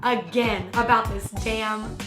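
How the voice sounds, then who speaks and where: High, bright young woman venting a storytime. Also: fairly even intonation, takes it slowly, reverberant, soft background music. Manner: venting, exasperated, heavy use of "like". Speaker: vlogger telling a storytime. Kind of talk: casual storytime.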